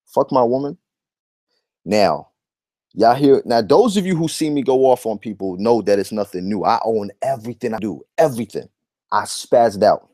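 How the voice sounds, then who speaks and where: A man's voice: on the low side, lively intonation, normal speed, dark tone, no echo, clean studio sound. A man giving a heated vlog rant, emphatic and repetitive, with blunt profanity. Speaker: YouTube commentator.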